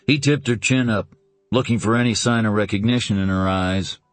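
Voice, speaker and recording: A man narrating a suspense novel in a deliberate, dramatic reading. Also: fairly low pitch, no echo, faint music behind. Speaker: audiobook narrator.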